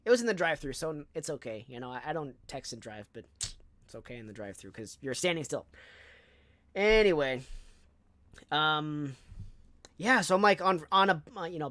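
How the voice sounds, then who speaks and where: A young man from Southern California streaming, telling a casual story in a chatty, animated way with lots of fillers and asides. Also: on the high side, moderate pace, a little hiss or hum.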